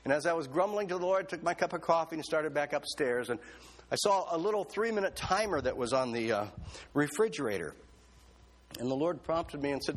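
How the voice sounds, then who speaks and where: Husky-voiced preacher telling a funny story. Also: male voice, on the high side, fairly quick. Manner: humorous, animated storytelling with excited self-quotes. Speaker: pastor. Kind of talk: sermon.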